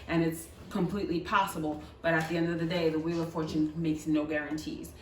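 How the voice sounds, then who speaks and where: A woman with a fairly low voice talks through a tarot reading in a chatty, coaxing way, stumbling over repeated words and tagging "right?" onto her points. She sits some way from the mic in an echoey room. Faint background noise runs under her voice. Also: level tone, a little fast, distant mic. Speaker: tarot reader. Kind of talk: pick-a-card tarot reading.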